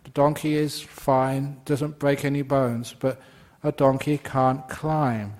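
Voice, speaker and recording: A man's voice: medium pitch, little pitch movement, slow, darkish tone. A man, a Buddhist monk, giving a dharma talk and telling stories playfully while laughing at his own jokes.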